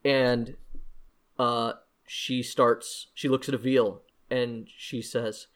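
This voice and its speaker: A man's voice: mid-range voice, level tone, slow. A man narrating as game master of a tabletop game, with frequent hesitations and restarts. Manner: hesitant, lots of fillers and restarts.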